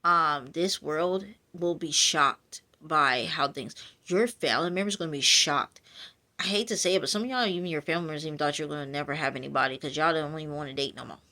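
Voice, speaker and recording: A woman with a low-sitting voice reads a little fast in a bright, forceful tone. She delivers a casual prophetic message of encouragement, chatty and packed with fillers, speaking directly to her listeners as a spiritual message reader.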